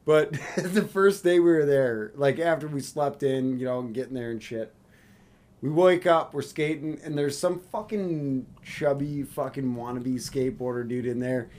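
A man's voice: mid-range voice, normal speed, darkish tone. A man, co-hosting a casual podcast, swearing constantly and acting out quotes in his stories. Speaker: podcast co-host. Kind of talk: casual profane chat among friends.

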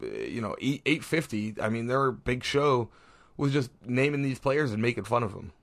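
A man's voice: mid-range voice, big pitch swings, moderate pace, fairly bright tone. A man co-hosting a casual sports podcast, rambling with lots of fillers and restarts. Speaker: podcast co-host.

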